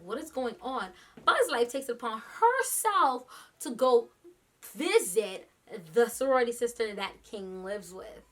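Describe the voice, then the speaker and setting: A woman vlogger telling a story in casual chat, animated, laughing often and quoting others in quick asides. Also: sits high. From New York.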